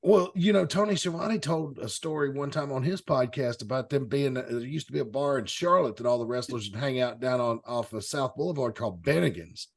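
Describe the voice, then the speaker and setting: A man's voice: medium pitch, fairly quick, vocal fry, few pauses, breathy edge. A man hosting a casual panel show, telling rambling anecdotes with chuckling asides. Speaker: host. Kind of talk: casual storytelling chat.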